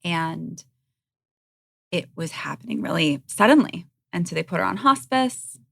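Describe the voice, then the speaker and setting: Woman in her 30s talking frankly on a podcast, kinda gravelly, dry close mic. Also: fairly low pitch, expressive, a little slow, no echo. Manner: open, frank, occasionally blunt. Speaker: podcast guest. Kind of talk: candid conversational interview. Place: podcast studio.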